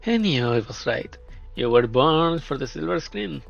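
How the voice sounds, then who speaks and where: A man voicing a shrewd, flamboyant female film producer who talks in a smooth, probing, flattering way. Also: fairly high pitch, measured pace. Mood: coaxing. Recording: dull lo-fi, faint music.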